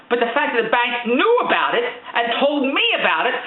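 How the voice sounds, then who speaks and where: An older man rants about his bank with comic exasperation, voicing both himself and the staff. His voice sits very high and swings widely as he rushes along. The sound is tinny and phone-like, with echo from the room behind him. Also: sing-song. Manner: exasperated, acts out both sides of the conversation. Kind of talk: comic rant.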